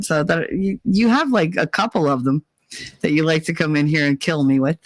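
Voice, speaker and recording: A woman's voice: low voice, moderate pace, no room sound. A woman hosting a casual livestream, chatting and reading viewer comments aloud, laughing often. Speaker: livestream host.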